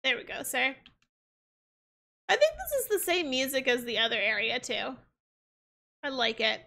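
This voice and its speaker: A woman's voice: high-pitched, lively intonation, normal speed, creaky, bright, forceful tone. A young woman streaming a game, chatting casually in a rambling way. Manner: rambling, full of fillers and restarts. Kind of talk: casual chat while gaming.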